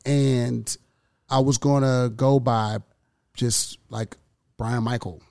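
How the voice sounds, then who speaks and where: A middle-aged man from Miami and Houston, a music producer, telling animated stories in a casual podcast chat and acting out quotes. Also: medium pitch, slow, gravelly, dry recording, studio quality. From born in Miami, from Houston. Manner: animated storyteller, acts out quotes, frequent swearing.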